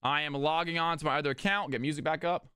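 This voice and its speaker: A man casting viewer games live on his stream in an energetic, hyped-up way, recorded at home on a close desk mic. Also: fairly high pitch, fast, clear, resonant tone, no room sound. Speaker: streamer and caster.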